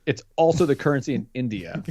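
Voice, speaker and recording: A man's voice: medium pitch, animated, quick pace, mellow, no echo, clean studio sound. Teasing man reading out a quiz. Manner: teasing, amused quiz-asking. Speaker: podcast co-host, quiz master. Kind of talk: casual chat.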